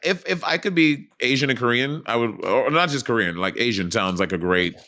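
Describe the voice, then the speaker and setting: A man's voice: medium pitch, lively intonation, a little fast, pushed and bright. A man co-hosting a podcast, telling stories in a rambling, self-correcting way. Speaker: podcast co-host. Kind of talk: casual chat.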